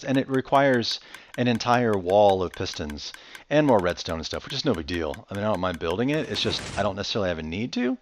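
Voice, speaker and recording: A man's voice: fairly low pitch, expressive, brisk, slight background noise. A man giving casual, rambling gameplay commentary, chatty and enthusiastic with laid-back slang. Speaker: Minecraft let's-play host.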